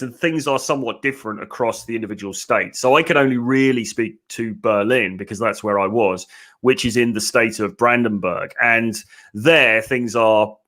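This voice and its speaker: A British man in his younger years hosts a podcast in easy casual chat. He talks in chatty asides, often restarts his phrases, and his voice sits at an ordinary middle pitch. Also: a bit bright. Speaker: podcast host.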